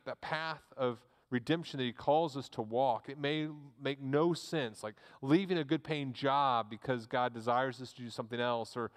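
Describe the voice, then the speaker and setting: A man's voice: mid-range voice, big-room sound. A man, a pastor preaching a sermon in a church, earnest and repeating words as he restarts his phrases.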